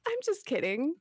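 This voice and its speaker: A young woman streaming a game, reacting in a giggly, excitable, easily startled way. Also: sits high, no echo, studio quality.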